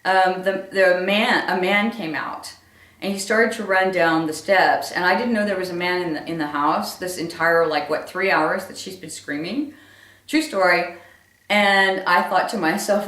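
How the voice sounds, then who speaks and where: A woman's voice: mid-range voice, animated, moderate pace, a bit bright. A woman doing a stand-up storytelling monologue, emphatic, repeating phrases for effect. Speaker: comedian. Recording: roomy echo from a distant mic.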